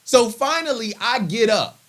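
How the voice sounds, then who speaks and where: A man, a comedian guest, telling a funny story in an animated, chatty way and laughing often. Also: extremely high pitch, measured pace. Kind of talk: comic storytelling in conversation.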